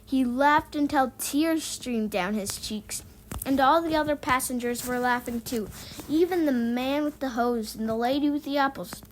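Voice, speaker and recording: A woman reads a children's book aloud in a high, lively voice. She acts out the sound effects as she goes. A faint hiss sits behind her. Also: moderate pace, poor audio. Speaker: reader.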